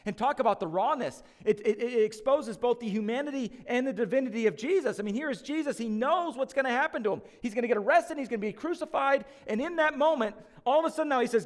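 Male lead pastor, very high pitch, conversational and emphatic preaching with joking asides. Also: quick pace, few pauses, long reverb tail. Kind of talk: sermon.

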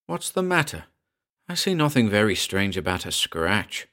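Male reader as uneasy young friend, forced calm, low voice. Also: normal speed. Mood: unconvincing reassurance. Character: young man, puzzled friend trying to stay calm.

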